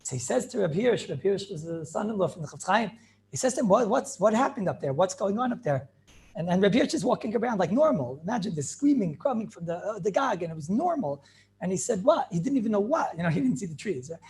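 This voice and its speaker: A man's voice: high voice, big pitch swings, fast talker, a little mellow. A man, a rabbi, telling inspirational stories, repeating phrases and dropping Yiddish and Hebrew words into his talk. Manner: retells stories with many repeated phrases and restarts.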